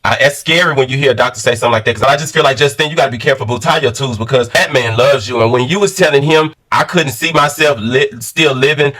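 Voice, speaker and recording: Fast-talking animated male reality-show reviewer. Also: mid-range voice, poor audio. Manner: animated, slangy, addresses viewers as sis and baby. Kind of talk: casual commentary.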